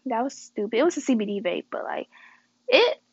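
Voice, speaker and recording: A young woman with a fairly high, sing-song, slightly rough voice tells her viewers a story at a brisk clip, slangy and chatty, calling them "guys" and "y'all" and dramatically acting out the quoted lines. The recording is lo-fi with no echo.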